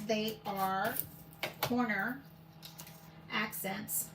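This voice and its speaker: At home, a woman hosts a paper crafting video, her medium-pitched voice taking things slowly as she chats and thinks aloud while working. The demo talk is casual and rambling. The recording is rough, with steady background noise.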